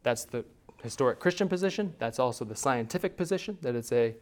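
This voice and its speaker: A man's voice: medium pitch, lively intonation, fast talker. Male class teacher, conversational, mid-range voice, quizzes the room.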